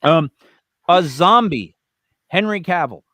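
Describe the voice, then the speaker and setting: Co-hosting a live online talk show, a man jokes playfully and rattles off lists and names in casual banter, with emphatic bursts. His voice is on the high side, pushed and bright, with lively intonation and a slow pace, recorded dry.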